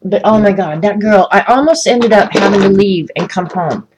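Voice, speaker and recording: A woman's voice: medium pitch, normal speed, noisy background. Chatty woman ranting on a livestream. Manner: chatty, ranting, answers viewer comments by name. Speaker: livestream host coloring art. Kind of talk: casual livestream chat while coloring.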